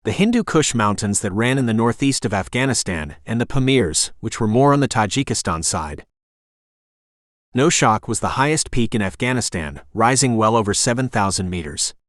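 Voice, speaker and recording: A man narrating a thriller audiobook in a measured, descriptive reading. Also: fairly low pitch, no echo, studio quality.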